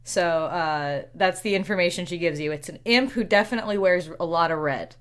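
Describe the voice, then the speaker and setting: A woman's voice: fairly low pitch, a little fast, a bit bright. A woman narrating a tabletop roleplay as game master, rambling and correcting herself as she goes. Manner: rambling, self-correcting, giggly.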